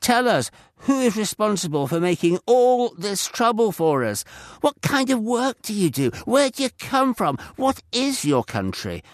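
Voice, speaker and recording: A man's voice: sits high, very animated, unhurried, no room sound, clean studio sound, pitched above the performer's own voice. A man voicing a crew of terrified sailors who fire panicked questions. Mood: accusing. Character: terrified, accusing group of sailors.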